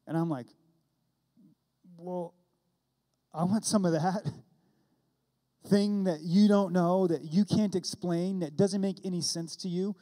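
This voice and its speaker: A man's voice: high voice, fairly even intonation, takes it slowly, pauses often, mellow. A man in his thirties preaching a sermon as a pastor, telling a personal story and acting out the dialogue. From California. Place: church.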